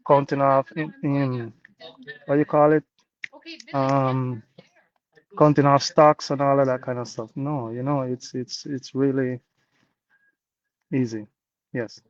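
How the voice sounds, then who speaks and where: A man from Jamaica with a Jamaican accent, a guest sharing his business story in an earnest, repetitive, motivational way on a video call. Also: mid-range voice. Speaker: interview guest, business owner. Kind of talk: casual testimonial talk. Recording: dull dry call audio.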